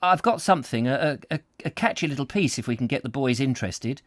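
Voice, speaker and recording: A man voicing a small, harassed, businesslike music publisher in a storybook reading, speaking briskly. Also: medium pitch, expressive, no room sound, clean studio sound, natural voice.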